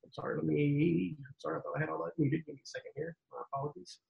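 A man telling stories in a casual podcast interview as a guest coach, animated, acting out quotes and swearing casually. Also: a little high, racing, gravelly, narrow, tinny audio.

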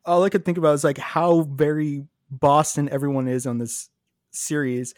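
A man co-hosting a podcast, chatting casually with a joking, sarcastic tone. His voice sits a little higher than most men's, and the sound is dry and close. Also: fairly even intonation, moderate pace, no echo. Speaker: podcast co-host. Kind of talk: casual chat.

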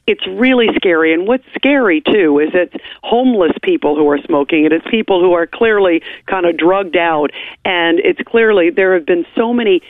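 An emphatic, animated woman talk radio host speaks as a call-in guest. Her voice comes through a thin, phone-like line with a dry, close sound and no room around it. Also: lowish voice, normal speed, no room sound. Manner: emphatic, animated, laughs easily.

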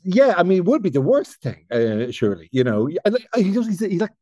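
Irish comic guest, dry booth sound, a bit higher-pitched than most men, rambling wry asides. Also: male voice, sing-song, fairly quick, dark tone, no room sound. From Ireland. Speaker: comedian guest. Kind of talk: casual comedic chat.

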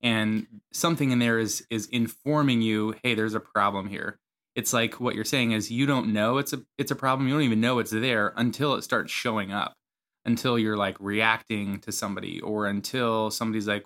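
A man's voice: on the low side, steady tone, fairly quick, fairly bright tone. A man who is a therapist, co-hosting a podcast and talking things through in a thoughtful, casual way. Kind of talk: casual conversational explaining.

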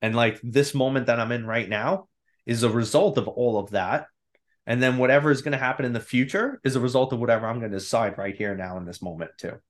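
A man in his thirties, a podcast guest, telling a personal story in a candid, animated way and acting out his own inner voice. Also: medium pitch, quick pace. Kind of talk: casual storytelling.

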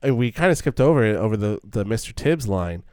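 A man's voice: on the low side, lively intonation, a little fast, darkish tone, clean tone, no room sound, studio quality. A man co-hosting a casual film discussion, earnest and thinking aloud with many stumbling restarts. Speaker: podcast co-host.

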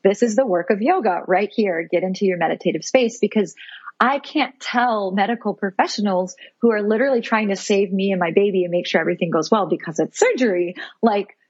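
A woman's voice: medium pitch, fairly quick, slightly rough, no echo, highs cut off. A woman in her thirties, a podcast guest, telling a personal story in an earnest, heartfelt, self-reflective way.

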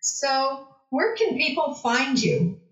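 A woman hosting an interview, asking questions in a measured, supportive way. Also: sits high, big pitch swings. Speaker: podcast host. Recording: echoey, dull remote audio.

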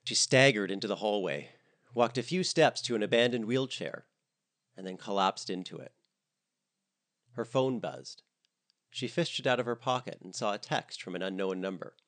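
A man narrating a comedic story in an expressive, animated reading style. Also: on the low side, fairly quick.

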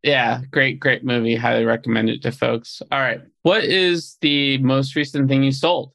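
A man's voice: medium pitch, steady tone, moderate pace, gravelly, a bit bright, dry recording. A male podcast co-host asking questions and adding easygoing commentary. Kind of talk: casual interview.

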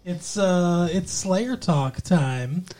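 A man's voice: high voice, extremely slow, warm tone. A young man co-hosting a casual show, joking and swearing freely as he chats. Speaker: podcast co-host. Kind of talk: casual chat.

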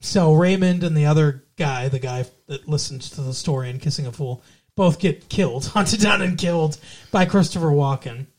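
A man with a slightly high-pitched voice talks through a film on a podcast in an easy, unscripted way. He swears freely and strings the plot together with loose restarts. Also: moderate pace, darkish tone. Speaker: podcast co-host. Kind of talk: casual movie-review chat.

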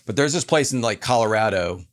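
A man, a podcast guest, telling a personal story in an animated, earnest way and acting out other people's lines. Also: medium pitch, fairly quick. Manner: earnest, reflective.

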